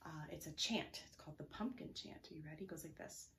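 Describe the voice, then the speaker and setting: A woman librarian leading a preschool story time, reading aloud slowly in a sing-song way and often dropping to a soft whisper. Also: low voice, very noisy. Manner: leads rhymes and chants with children. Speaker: children's librarian. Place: public library.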